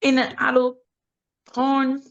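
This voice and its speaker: A woman's voice: monotone, slow pace, gravelly, dull audio. Woman, interview guest; blunt, frank, laughs a lot, breaks into mocking impressions. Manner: blunt, laughing, mimics voices with big pitch jumps. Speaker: interview guest, adult film actress. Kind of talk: candid casual interview.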